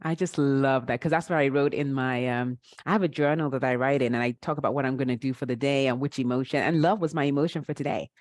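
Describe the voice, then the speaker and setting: A woman's voice: extremely low pitch, fairly even intonation, fast talker, few pauses, a little mellow. A woman hosting an interview, enthusiastic and affirming, often echoing her guest. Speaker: host. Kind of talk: supportive interview chat.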